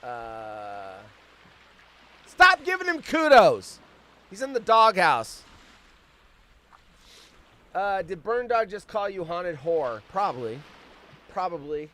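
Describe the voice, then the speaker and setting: A man's voice: fairly high pitch, sing-song, a bit bright. A man in his fifties hosting a casual live stream from outdoors on vacation, rambling off on tangents and swearing freely. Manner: profane, rambling, quick tangents. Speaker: host.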